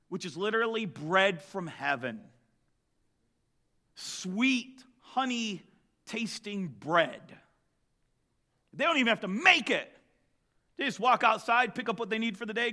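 A man preaching a sermon, telling the story with lively jokes and asides. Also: sits high. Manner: animated storytelling, joking asides.

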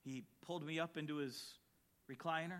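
A man preaching a sermon as a pastor, emphatic and building to shouts on key lines. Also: on the high side, steady tone, normal speed.

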